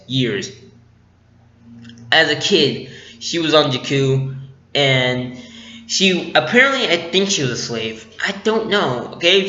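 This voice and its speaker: A man's voice: fairly high pitch, pushed and bright. Rambling young-sounding male reviewer, echoey. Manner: rambling, lots of "like" fillers. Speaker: movie reviewer. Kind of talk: casual spoken movie review. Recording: echoey room, dull lo-fi mic.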